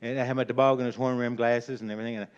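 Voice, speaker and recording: Racing along in a flat, mid-pitched voice, an older man casually recounts a meandering prank story with a folksy feel. His chuckles break in now and then over a muffled, low-fidelity recording.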